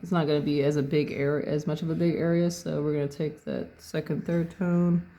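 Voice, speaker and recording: A person calmly talking through a painting tutorial step by step, thinking aloud and correcting their own words as they go. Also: mid-range voice, a little fast, highs cut off. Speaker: painting instructor.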